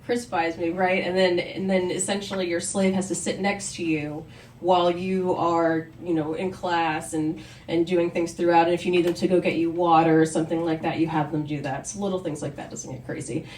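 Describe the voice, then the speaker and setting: A woman's voice: lowish voice, flat delivery, normal speed, a little mellow, slight background noise. A woman telling a candid personal story on stage at a live story night, chatty and wry. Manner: candid, conversational, with wry asides. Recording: roomy, distant live recording.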